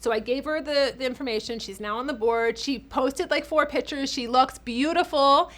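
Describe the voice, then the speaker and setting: A woman with a fairly high voice tells her stories straight to camera. She talks casually and with feeling, stopping and restarting often and leaning on fillers as she goes. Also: normal speed. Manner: emotional, animated, lots of fillers and restarts. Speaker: vlogger and author.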